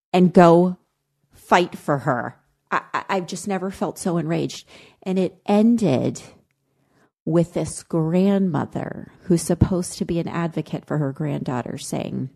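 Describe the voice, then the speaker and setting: A woman co-hosting a parenting podcast, telling a disturbing story in casual chat with deep emotion. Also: mellow. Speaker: podcast co-host.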